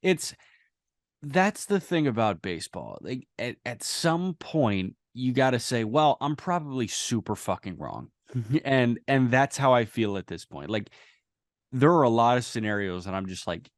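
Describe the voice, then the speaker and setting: A man's voice: medium pitch, lively intonation, a little slow, dry recording. A man co-hosting a casual sports podcast, talking loosely and sarcastically, swearing freely on a close mic. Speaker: podcast co-host.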